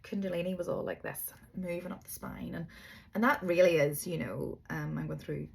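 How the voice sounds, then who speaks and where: A woman's voice: fairly low pitch, fairly even intonation, moderate pace, vocal fry, breathy edge. A middle-aged woman, a yoga teacher, giving a chatty, rambling, encouraging spiritual talk. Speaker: yoga teacher and energy reader. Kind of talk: casual spiritual monologue.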